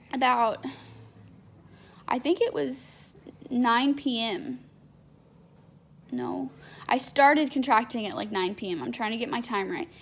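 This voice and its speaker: A young adult woman telling a candid personal story in a chatty, unfiltered way, full of fillers. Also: a little high. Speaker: vlogger.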